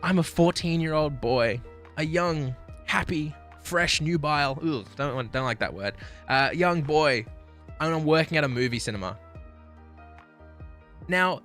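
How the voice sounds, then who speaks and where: Australian male streamer, bright forceful voice, crude animated storytelling, soft music underneath. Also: medium pitch. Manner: animated, crude, self-mocking. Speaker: livestreamer. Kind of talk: casual storytelling to stream chat.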